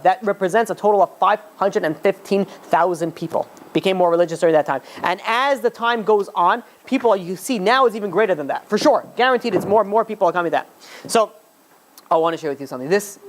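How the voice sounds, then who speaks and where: Fast-talking rabbi teaching a class. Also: male voice. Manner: conversational, many "you know" fillers and restarts; swings to high, emphatic urging. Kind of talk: informal Torah class lecture.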